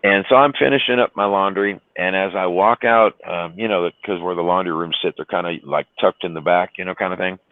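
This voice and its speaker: A man's voice: low voice, fairly quick, few pauses, dry recording. A man telling trucking stories in a rambling, profane way, with lots of "you know" and "right?". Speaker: trucker on a livestream chat. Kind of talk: casual storytelling. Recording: dry tinny phone-like line.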